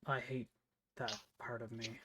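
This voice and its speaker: A man's voice: medium pitch, level tone, measured pace, noisy background. A man speaking in character during a live role-play, guarded and reluctant as he admits his past.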